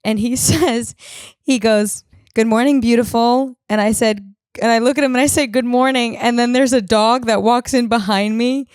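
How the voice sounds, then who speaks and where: A young woman hosting a podcast from a room in her home, telling stories in an animated, profane, self-deprecating way. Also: fairly high pitch, moderate pace, no room sound, studio quality. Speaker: podcast host. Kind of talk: casual storytelling chat.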